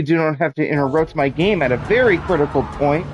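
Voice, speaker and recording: A man streaming a racing game talks fairly fast in a slightly high voice, barely pausing as he complains with over-the-top drama in a mock-formal, theatrical tone. It's casual gameplay commentary, captured in a rough recording with loud game music behind it.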